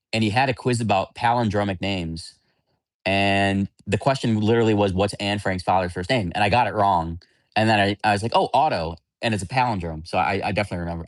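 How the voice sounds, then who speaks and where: On a livestream, a man chats casually with his viewers, rambling and speaking bluntly and candidly. His voice is lowish, and the studio recording is clean with no echo.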